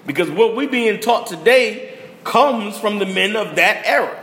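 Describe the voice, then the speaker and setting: A young man with a fairly high voice holds forth in a heated, casual rant, blunt and emphatic, hammering his points home with slang and repetition. His voice rings in a roomy space with a long reverb tail. A faint hum of noise sits underneath. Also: expressive, unhurried, pushed and bright. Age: young adult. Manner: blunt, emphatic, slang-heavy, repeating phrases for punch. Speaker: podcast host.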